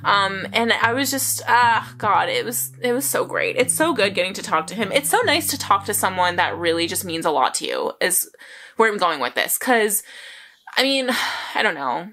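A woman's voice: medium pitch, animated, normal speed, bright, forceful tone. A young woman vlogger telling a story to her viewers in a casual, rambling way, with lots of fillers and bursts of laughter.

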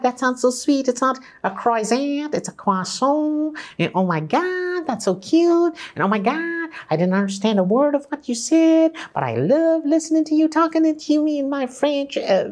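A man putting on the voice of a gushing, naive American fan in a high, breathless tone of mockery. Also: a little mellow.

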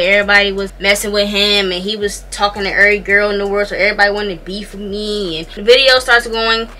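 A young woman telling a story to her viewers while doing her makeup, animated and slangy, often calling out to them as y'all. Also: medium pitch. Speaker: vlogger.

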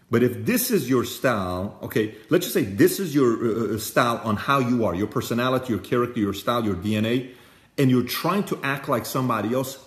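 A man hosting and giving a motivational talk, telling stories in an emphatic and direct way. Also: lowish voice. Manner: emphatic storyteller, lively and direct. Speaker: host. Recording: echoey room.

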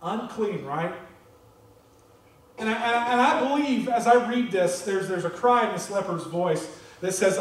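A male American pastor delivers a sermon in a high, lively voice, often repeating words as he presses a point. He stands well back from the microphone. The sanctuary around him rings with heavy echo. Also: a little slow. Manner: animated, repeats words when stressing a point. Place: church sanctuary. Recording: very echoey church, voice distant from the mic.

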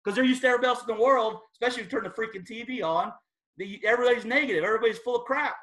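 A man's voice: very high-pitched, rapid-fire, a bit bright. A man speaking as a guest at a sales team training, delivering a motivational talk in an emphatic, fired-up and casual, slangy way.

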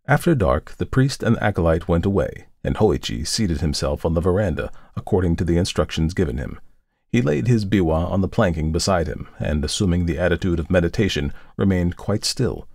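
Male narrator for a ghost tale, very low and deliberate, dry close sound. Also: gravelly, no echo. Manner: slow, hushed and deliberate.

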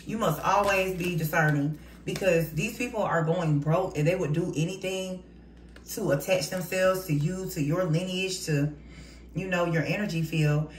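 A woman giving a casual tarot reading in a blunt, heated, profane way. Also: lowish voice. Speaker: tarot reader. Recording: roomy, distant mic, noisy.

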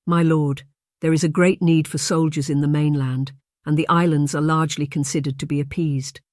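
A man reading an audiobook, voicing a quiet, deferential messenger who speaks softly. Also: a little high, fairly even intonation, moderate pace, no room sound, studio quality, natural voice. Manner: soft, quiet.

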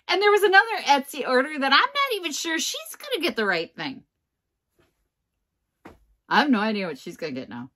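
A middle-aged woman with a bright, rather high voice, telling a story straight to camera in a casual vlog. She talks in an animated, self-mocking way, with lively swings of pitch and plenty of laughter. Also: normal speed, long pauses. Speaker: vintage reseller.

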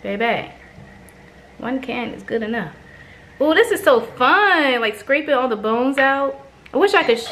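A woman's voice: high-pitched, lively intonation, unhurried, long pauses, a bit bright, slight background noise. A young woman vlogging casually from her home kitchen, chatting to herself as she cooks. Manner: chatty, talks to herself while cooking. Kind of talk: casual cooking vlog chat.

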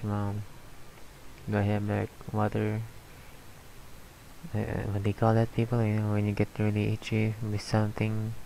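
A man's voice: on the low side, completely flat delivery, normal speed, vocal fry, long pauses, dark tone, a little hiss or hum, low-quality recording. A tired man casually commenting on his gameplay, mumbling asides and reading game text aloud. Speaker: let's play gamer.

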